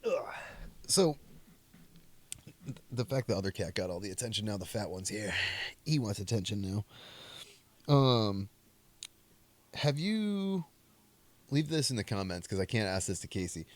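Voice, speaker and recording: A man's voice: fairly low pitch, expressive, normal speed, pauses often. A young man hosting a comedy movie podcast, rambling and joking in a self-mocking way. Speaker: podcast host. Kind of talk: casual movie commentary.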